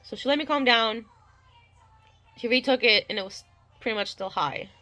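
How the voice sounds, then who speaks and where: A young woman tells a personal story in a loose, rambling way, full of fillers and restarts. Her voice is bright and clear, and she slips into the people she quotes as she goes. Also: a little high, moderate pace, soft background music. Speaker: new mother telling her birth story. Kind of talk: casual storytelling.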